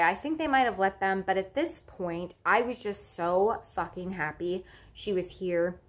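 A woman's voice: medium pitch, moderate pace, few pauses. A young woman in her twenties telling a personal story in a casual vlog, emotional and swearing freely as she relives her fear. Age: 20s. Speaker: vlogger.

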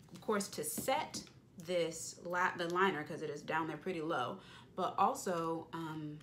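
A woman's voice: medium pitch, fairly bright tone, a little hiss or hum. A young woman beauty vlogger chatting playfully as she narrates each step of her makeup routine. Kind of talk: casual makeup tutorial chat.

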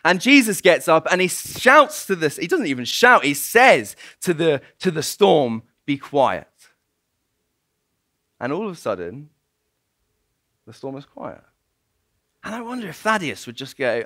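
A man preaching a sermon, spinning a story with lively, swooping intonation and a bright, forceful tone. He sits a little high for a man, and the sound is dry and close. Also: moderate pace, no room sound. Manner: storytelling, animated, laughs often. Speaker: guest preacher.

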